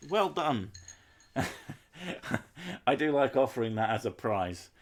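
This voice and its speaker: A man's voice: mid-range voice, sing-song, takes it slowly. A man, chatting casually and rambling on a live stream, swearing freely and joking at his own expense. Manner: rambling, sweary, self-mocking humour. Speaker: game streamer.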